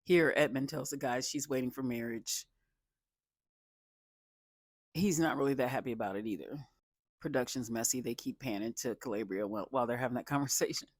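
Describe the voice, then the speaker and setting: Casual reality show recapper, laughs a lot and loses the thread, recorded dry and close, mid pitch. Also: fairly quick, long pauses, dry recording. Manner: rambling, stops often to restart sentences; laughs a lot while recounting. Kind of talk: casual commentary.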